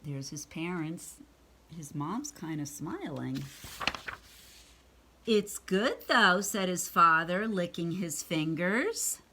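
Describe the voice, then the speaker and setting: Woman storyteller for children, bright, animated, unhurried, friendly asides. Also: on the low side, slight background noise. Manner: chatty asides to young listeners. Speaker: read-aloud storyteller. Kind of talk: reading a picture book aloud to children.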